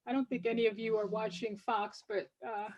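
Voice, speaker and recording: A woman's voice: fairly high pitch, little pitch movement, brisk, a little mellow, muffled recording. An older woman, a poet, reading reflectively and devoutly from her book to an audience. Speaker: poet and author.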